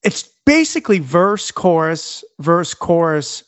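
A man co-hosting a casual music podcast, breaking songs down in a relaxed, analytical way with some swearing. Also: a little high, slow, dry recording. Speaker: podcast co-host. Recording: dull lo-fi dry audio.

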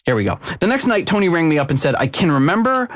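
A man's voice: on the high side, sing-song, fast talker, a bit bright, dry recording. A middle-aged man hosting a chatty music-history podcast. He reads long passages aloud, stumbling over fillers and breaking into laughs. His voice sounds close and dry, with no room behind it. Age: middle-aged or older. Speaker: podcast host. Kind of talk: casual chat, reading band history aloud.

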